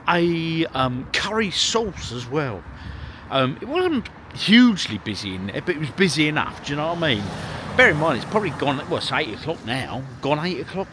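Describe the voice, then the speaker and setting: Cheerful male vlogger, jokey asides to viewers, lively pitch, street and traffic noise behind. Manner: chatty and jokey, addresses viewers as people. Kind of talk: casual vlog talk to camera. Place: outdoors on a town street and in a pub.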